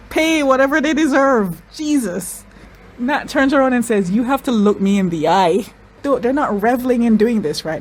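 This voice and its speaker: A woman hosting a reaction video, talking excitedly and repeating her exclamations, tearful at times. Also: on the high side, rough recording. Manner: exclaiming, repeats phrases, says y'all. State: crying.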